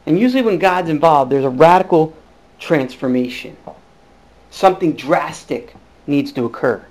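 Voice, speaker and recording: A man. He is earnest, dropping to near-hushed tones before rising into emphatic bursts. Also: a little high, lively intonation, normal speed, rough recording. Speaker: pastor. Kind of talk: sermon.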